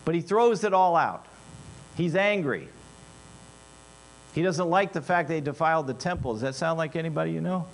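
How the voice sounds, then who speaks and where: A man preaching a sermon in an animated way, dropping into quiet asides and rising into loud, emphatic bursts. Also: on the high side, normal speed, vocal fry, pauses often, a little hiss or hum.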